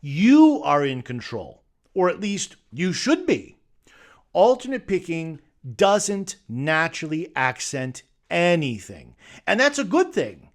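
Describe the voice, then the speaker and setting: A man gives a guitar lesson in an emphatic, myth-busting way, posing one rhetorical question after another. His voice sits a little high and swings widely in pitch. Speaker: guitar teacher. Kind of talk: instructional talk to camera.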